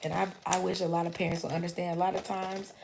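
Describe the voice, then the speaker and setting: A woman's voice: on the low side, level tone, fast talker, gravelly, darkish tone, slight background noise. A young adult woman, chatting candidly on a livestream, swearing freely and acting out quotes. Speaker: livestream host. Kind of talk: casual storytelling chat.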